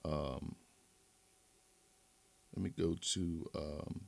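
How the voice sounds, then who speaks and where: A man's voice: a bass voice, fairly even intonation, drawn-out words, vocal fry, a little mellow. A man hosting a livestream, rambling and moralizing in a casual monologue with many restarts. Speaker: livestream host.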